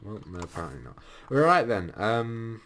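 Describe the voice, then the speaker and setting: A man's voice: fairly low pitch, sing-song, normal speed, heavy background noise. A young man giving casual let's-play commentary, thinking aloud with frequent ums as he plays. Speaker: gameplay commentator.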